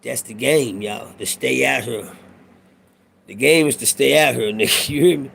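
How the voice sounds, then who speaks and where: A man's voice: mid-range voice, normal speed, gravelly, fairly bright tone, husky. A middle-aged man talking in a casual monologue, telling a profane, preachy prison story in street talk. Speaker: vlogger.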